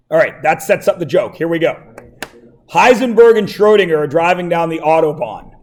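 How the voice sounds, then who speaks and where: High-voiced joking male math teacher. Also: darkish tone. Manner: joking, teasing students between explanations. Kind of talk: classroom lecture. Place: classroom.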